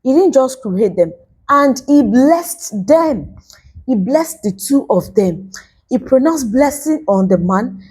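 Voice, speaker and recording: A woman's voice: on the high side, warm tone, breathy edge. A young Nigerian woman from Nigeria, earnestly preaching to camera in a casual way and repeating points for emphasis. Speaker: vlogger.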